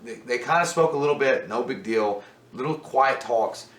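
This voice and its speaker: A man in his thirties co-hosting a casual movie review, talking in excitable, crude bursts. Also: medium pitch, normal speed. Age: 30s. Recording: echoey room.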